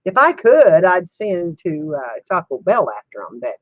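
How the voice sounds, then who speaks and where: A woman's voice: lowish voice, sing-song, unhurried, no echo, highs cut off. An older woman chatting casually with viewers on a home livestream, laughing often in a folksy way. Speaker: livestream host. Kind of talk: casual chat answering viewers.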